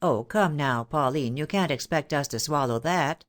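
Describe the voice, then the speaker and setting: A woman's voice: deep voice, moderate pace, natural voice. A woman voicing a patronizing young man. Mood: dismissive. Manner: soothing, patronizing.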